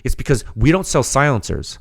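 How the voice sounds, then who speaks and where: A man hosting a podcast, slightly hoarse and losing his voice, giving an emphatic, rhetorical unscripted technical monologue straight to his audience. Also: medium pitch, big pitch swings, brisk. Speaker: podcast host, firearms silencer researcher.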